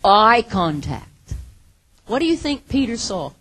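A woman preaching a sermon, earnest, moving from hushed, quiet lines to emphatic ones. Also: mid-range voice, sing-song, slow pace, slight background noise.

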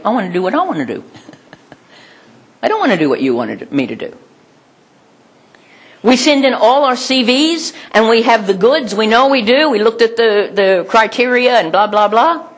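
An older woman preaches a sermon in a husky voice at a middle pitch. She is animated and breaks into laughter often. She keeps turning to the congregation with rhetorical questions. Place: church hall with congregation.

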